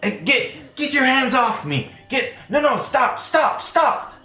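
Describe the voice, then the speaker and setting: A man voicing a small, frightened male halfling captive who shouts in shrill panic. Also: lively intonation, slow pace, echoey room, faint music behind, exaggerated voice. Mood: panicked.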